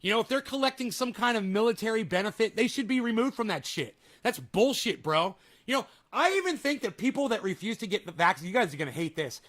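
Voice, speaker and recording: A man's voice: high voice, very animated, a little fast, few pauses, a bit bright. A man ranting angrily on a live stream, mocking and swearing heavily as he reacts to clips and talks to his chat. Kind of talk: profane live-stream rant.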